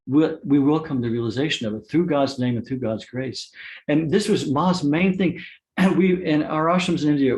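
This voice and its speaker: A man giving a spiritual satsang talk, telling personal stories with soft laughs and frequent restarts. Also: mid-range voice. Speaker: spiritual teacher.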